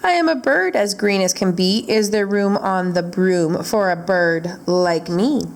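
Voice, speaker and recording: A woman voicing a small, eager green bird in a read-aloud storybook, speaking quickly. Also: mid-range voice, close to an everyday voice.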